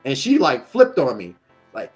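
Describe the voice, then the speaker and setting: A man's voice: medium pitch, moderate pace, soft background music. A man co-hosting a casual show, telling a long game story with lots of acted-out quotes and laughter. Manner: animated storyteller, acts out quoted characters, laughs often. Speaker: podcast co-host. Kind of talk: casual chat.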